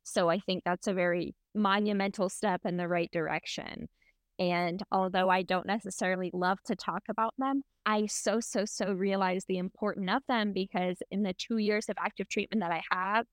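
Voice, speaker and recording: A woman's voice: medium pitch, clean tone, no echo, clean studio sound. A young adult woman co-hosting a podcast, speaking earnestly and reflectively in casual chat, with a wry laugh now and then. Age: under forty. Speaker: podcast co-host.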